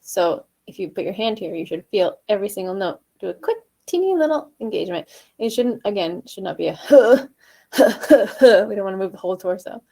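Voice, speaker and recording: A woman vocal coach leading a live online singing lesson, switching between calm explanation and loud, short staccato "ha" exercises that leap high into head voice. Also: fairly quick, gravelly. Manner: relaxed explaining with chuckles and fillers.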